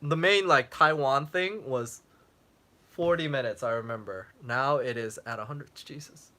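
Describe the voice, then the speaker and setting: A man's voice: medium pitch, a little slow, sharp tone. A young man, a travel vlogger, chatting casually on a livestream, answering viewer questions with lots of fillers, and his voice is getting worn out. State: losing his voice, clearing throat. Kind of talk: casual live-stream chat.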